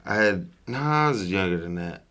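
A man's voice: low voice, animated, normal speed, bright, forceful tone. A Southern US man telling a story in casual chat, rambling and profane, with laughter breaking in.

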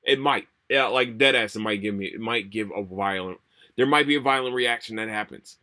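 A young man hosting a solo podcast, rambling and swearing a lot, tired and low on energy. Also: a little fast, bright, forceful tone. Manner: profane, rambling, repeats himself. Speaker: podcast host. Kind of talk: casual solo podcast rant.

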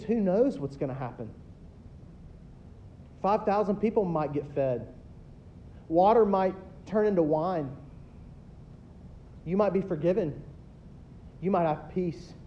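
A pastor in his thirties preaching a sermon, swinging between loud emphatic builds and quiet asides. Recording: dull lo-fi recording with faint rumble.

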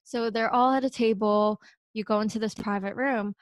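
Animated young woman telling stories. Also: a little high, normal speed, dry recording. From Pennsylvania, USA. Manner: animated storyteller who acts out what people said. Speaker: podcast guest. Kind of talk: casual chat.

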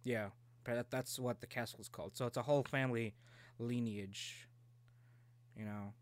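Brief: mid-pitched man, casual co-host, loose and sweary, dry close mic. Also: steady tone, normal speed, dry recording. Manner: casual, swears freely, trails off. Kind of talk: casual chat.

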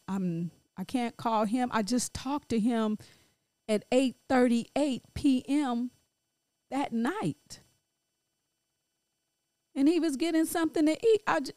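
A middle-aged grieving woman speaking in a halting, emotional personal monologue full of restarts. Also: a little high, a little mellow, dry recording. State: grief-stricken. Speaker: grieving mother sharing her story.

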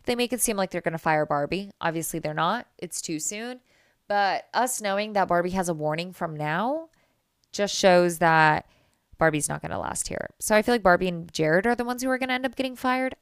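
Woman with a stuffed up nasal voice chatting about a reality show, smooth, dry close mic. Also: medium pitch, expressive, normal speed, no echo. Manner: chatty, opinionated, trails off with fillers. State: nasal from a cold. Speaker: podcast host. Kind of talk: casual reality TV recap.

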